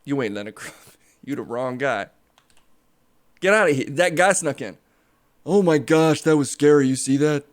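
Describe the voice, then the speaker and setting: A man's voice: medium pitch, moderate pace, long pauses, lightly acted. A man voicing a brash, insulting former small-town mayor who boasts and trash-talks. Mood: mocking. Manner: boastful, trash-talking, shouty.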